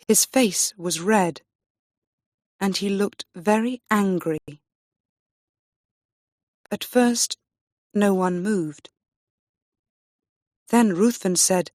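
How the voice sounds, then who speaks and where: A woman teaching English, reading a graded story aloud slowly and clearly for learners. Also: mid-range voice, darkish tone, dry recording, clean studio sound. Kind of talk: slow graded-reader story narration.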